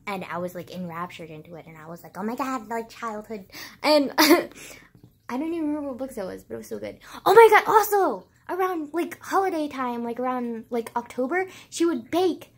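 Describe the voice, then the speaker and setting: This vlogger's voice sits high and sounds slightly rough as she talks a little fast and very animatedly. She's a young woman telling her viewers childhood stories to camera in a loose, rambling way, full of "like" and curse words.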